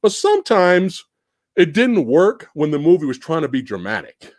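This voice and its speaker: A high-voiced man chats about a film on a live stream, his pitch leaping all over as he acts out scenes and yells the lines. The sound is close and dry, with no room around it. He swears freely and laughs through his retellings. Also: moderate pace, no room sound. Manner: animated, swearing, acts out scenes with shouted quotes. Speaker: podcast host. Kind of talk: casual movie review chat.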